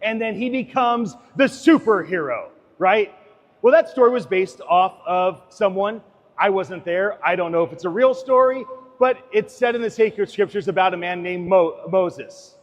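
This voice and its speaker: High-voiced man preaching in a hall. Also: expressive, normal speed. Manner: dramatic, swings between loud and hushed. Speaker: speaker giving a talk. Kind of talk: impassioned sermon-like talk.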